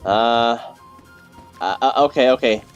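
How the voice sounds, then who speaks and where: A young male streamer talks loosely to his teammates over a headset mic, looping back on his words with plenty of fillers. His voice sits at a middling pitch, and faint music plays underneath. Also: unhurried, clear, resonant tone, muffled recording. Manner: rambling, repeats words, many fillers and restarts. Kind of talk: casual gameplay chat with teammates.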